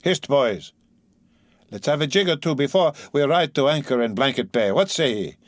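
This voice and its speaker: A man's voice: mid-range voice, animated, normal speed, no room sound, clean studio sound, voice pushed up, lightly acted. A man voicing rowdy male sailors who hail and bellow across the deck. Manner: hearty, bellowing. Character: loud rowdy male sailors calling the watch.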